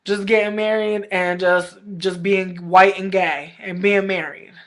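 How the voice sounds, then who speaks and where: A woman's voice: medium pitch, steady tone, unhurried. A woman vlogger in casual livestream chat, talking candidly with lots of slang, swearing and rambling fillers. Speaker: vlogger reviewing a reality show.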